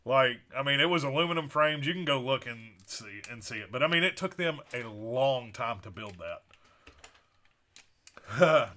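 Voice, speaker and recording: A man's voice: medium pitch, lively intonation, normal speed, bright, forceful tone. A man co-hosting a casual building live stream, easygoing, reading chat comments with rambling asides.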